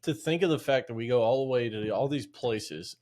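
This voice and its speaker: A man's voice: medium pitch, fairly quick, darkish tone. A man from South Louisiana with a local accent, co-hosting casual chat and chiming in eagerly. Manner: chummy, eager interjections and reactions. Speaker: podcast co-host.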